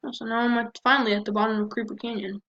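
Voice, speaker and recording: A woman's voice: fairly high pitch, flat delivery, rapid-fire, a bit bright. A woman giving casual let's-play commentary, chatting to herself as she plays. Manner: chatty, talks to herself while playing. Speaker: gameplay commentator. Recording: dull lo-fi mic with faint noise.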